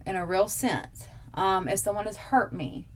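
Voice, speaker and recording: Her voice sits in the mid-range and she keeps a measured pace. A young adult woman hosting a live stream, she answers tag questions, talking to viewers casually but with emphasis.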